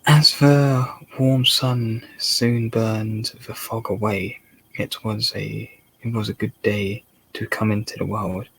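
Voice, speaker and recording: A man with a Dorset accent doing a slow ASMR book reading, halting and rereading words as he goes. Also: on the low side, level tone, creaky, a little hiss or hum, rough recording. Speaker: channel host reading a book aloud.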